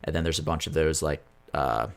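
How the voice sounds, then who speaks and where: A young man with a very low voice tells a long story on a podcast. He rambles and swears freely, in a loose, casual chat. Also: brisk, vocal fry. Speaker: podcast co-host.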